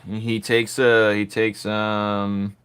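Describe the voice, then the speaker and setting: A man's voice: on the low side, level tone, extremely slow, a bit bright, smooth. A man giving casual commentary while he draws, laid-back and teasing, talking to himself as he works. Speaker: artist drawing on camera.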